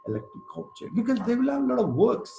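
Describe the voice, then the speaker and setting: A man's voice: very high-pitched, fast, gravelly, a little hiss or hum. A man, a life coach and NLP trainer, telling a story as a lecture and acting out the people in it. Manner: animated, acts out the people in his stories. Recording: roomy echo.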